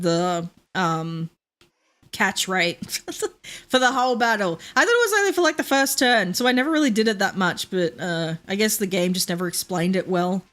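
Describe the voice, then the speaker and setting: Casual gameplay chatter comes from a young woman with a Queensland Australian accent, whose mid-range voice has a slightly bright edge. As she streams, she rambles on with lots of fillers and laughs.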